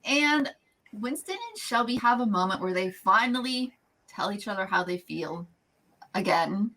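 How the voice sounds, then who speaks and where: Bright-voiced woman podcast host. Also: mid-range voice, expressive, unhurried. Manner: upbeat, chatty, laughs easily. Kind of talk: casual podcast chat.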